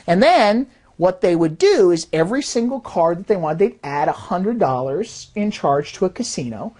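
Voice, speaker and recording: Animated woman explaining, lively pitch. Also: moderate pace. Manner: animated, acts out quoted voices. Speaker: fraud detection systems designer. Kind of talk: explanatory talk.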